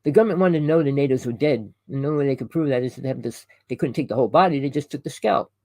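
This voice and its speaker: A man's voice: medium pitch, rapid-fire, darkish tone, dry recording, poor audio. A man delivering a rambling, preachy monologue to camera. He keeps correcting himself, calls his listeners "people" and fires off rhetorical questions. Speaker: online conspiracy commentator.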